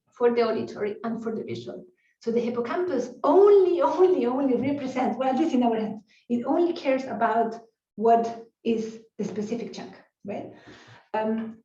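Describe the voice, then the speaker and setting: A woman's voice: fairly high pitch, a little mellow. Woman researcher giving an academic talk. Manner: explanatory, frequent tag questions and restarts. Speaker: neuroscience researcher presenting. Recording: roomy, distant, dull lo-fi sound.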